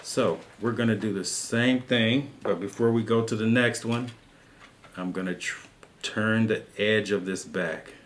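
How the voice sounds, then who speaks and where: A man calmly teaching soap carving, talking patiently through each cut as he works. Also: lowish voice, a little slow. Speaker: carving instructor. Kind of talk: step-by-step craft tutorial.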